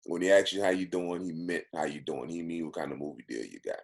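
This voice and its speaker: A man from Texas with a lowish voice tells stories on a podcast. He is animated and quick to laugh. He hammers his point home by repeating phrases. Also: gravelly. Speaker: podcast guest, actor and former football player. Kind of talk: casual storytelling.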